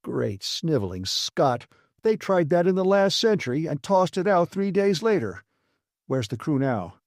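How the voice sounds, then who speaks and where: A man's voice: on the high side, very animated, measured pace, darkish tone, no echo, studio quality, voice pushed up. A man narrating an audiobook, voicing a hot-tempered male engineer who snaps and commands. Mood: exasperated. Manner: snapping, commanding, exasperated. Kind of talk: audiobook character voice.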